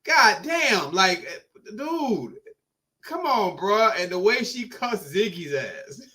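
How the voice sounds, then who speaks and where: Podcast host, a man with a high, lively voice, cussing emphatically. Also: takes it slowly. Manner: animated, profane, emphatic. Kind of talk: casual podcast chat.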